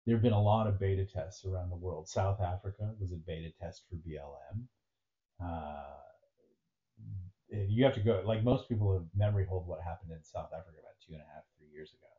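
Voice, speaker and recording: Low-voiced man rambling sardonically. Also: a little fast. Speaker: podcast co-host. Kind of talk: casual political chat. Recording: dull lo-fi sound with faint noise.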